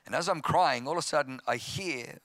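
A man's voice: fairly high pitch, brisk, no room sound. An Australian man in his fifties, a pastor telling his testimony in a sermon, acting out voices and growing impassioned. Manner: storytelling, acting out voices, grows loud and impassioned.

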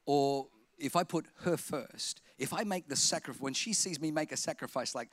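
A male pastor delivers a sermon in a high, bright, ringing voice. He tells funny stories with big energy and sometimes rises to a shout. The sound is dry and close. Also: normal speed, hardly any pauses, no echo. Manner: animated humorous storytelling, bursts into shouting.

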